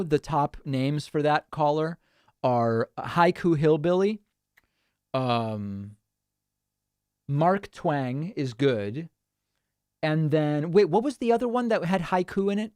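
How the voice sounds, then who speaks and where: A man's voice: fairly high pitch, lively intonation, takes it slowly, long pauses, a little mellow, no echo. A man hosting a livestream, casually commenting and reading viewer chat aloud with wry, dry humor. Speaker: livestream host.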